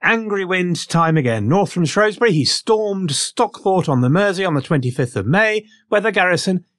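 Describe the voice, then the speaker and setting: A man tells history like a story, his pitch swinging up and down as he goes. He drops cheeky, irreverent asides between the facts. The sound is dry and close, with no room echo. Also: lively intonation, moderate pace, fairly bright tone. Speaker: history podcast host.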